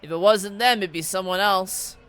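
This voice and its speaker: A man voicing a bold veteran tavern-keeper hero who speaks calmly and confidently in a tabletop game. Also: sits high, moderate pace, clear, resonant tone.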